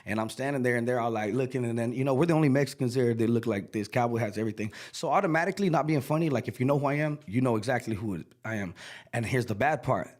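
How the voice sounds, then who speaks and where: A man's voice: mid-range voice, fast, a little mellow. Middle-aged male singer as interview guest; casual, slangy, acts out quotes.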